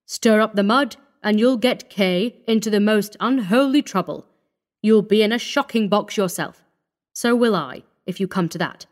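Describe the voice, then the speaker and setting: A woman's voice: mid-range voice, moderate pace, lightly acted. A woman voicing a cool, sneering young male doctor with a dismissive, worldly manner.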